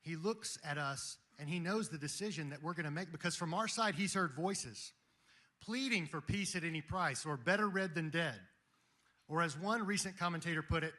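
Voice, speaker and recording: Bright-voiced preaching man. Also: a little high, moderate pace. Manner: preaching, rhetorical, emphatic. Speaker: speaker at a Christian gathering. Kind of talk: impassioned speech to an audience. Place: room with a live audience.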